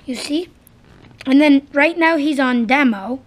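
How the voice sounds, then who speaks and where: A woman hosting a casual toy unboxing, chatty and excited as she narrates each step aloud. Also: high-pitched, measured pace. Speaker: unboxing channel host.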